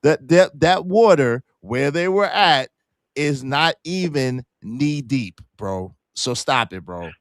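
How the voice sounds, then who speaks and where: Animated high-voiced man hosting a debate. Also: takes it slowly, dry recording. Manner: animated, talks over others, emphatic repetition. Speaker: show host. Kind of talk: casual podcast debate.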